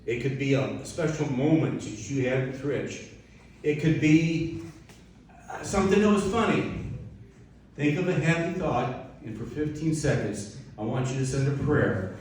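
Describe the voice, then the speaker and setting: A man delivers a chatty, heartfelt eulogy, turning to speak straight to the widow and the mourners. His voice sits at an ordinary pitch. It is picked up from well back in a big, echoey hall, with a faint hiss behind it. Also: animated, a little slow, a little mellow. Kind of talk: informal eulogy at a memorial. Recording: echoey hall from a distant mic, faint noise.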